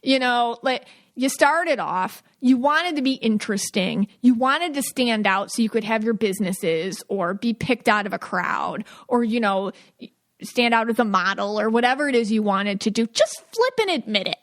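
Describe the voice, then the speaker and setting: A woman's voice: on the high side, a bit bright. A woman hosting a podcast, telling a story in casual, rambling chat full of fillers and asides. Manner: chatty, quick asides, frequent fillers. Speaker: podcast host.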